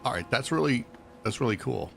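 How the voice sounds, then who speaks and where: A man's voice: mid-range voice, expressive, a little fast, creaky, fairly bright tone, slight background noise. A man chatting casually as a streamer while he plays a game, rambling and joking along. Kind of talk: casual gameplay commentary.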